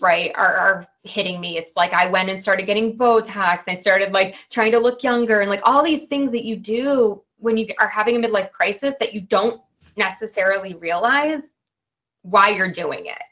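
A woman in her forties telling her own story as a podcast guest, chatty and animated, dotting her talk with "like" and "you know". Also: mid-range voice, normal speed. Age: 40s. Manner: chatty, animated, peppered with "like" and "right". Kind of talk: candid personal storytelling.

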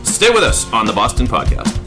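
A man's voice: mid-range voice, huge pitch swings, a little fast, over loud music. A man hosting a podcast, chatting and playfully arguing with his cohosts. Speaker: podcast host. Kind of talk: casual chat.

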